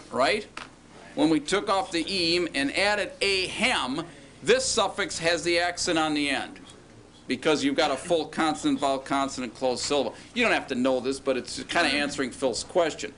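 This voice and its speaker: A man's voice: a little high, fairly bright tone, slight background noise. A man teaching a classroom lecture, patiently asking students questions and drawing out words as he explains.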